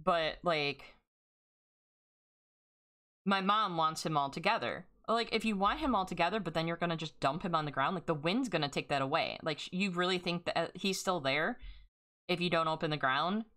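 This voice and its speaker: A woman's voice: fairly low pitch, moderate pace, a bit bright. A young woman game streamer in a casual, emotional rant, grieving and angry, swearing often as she vents. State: grieving and upset.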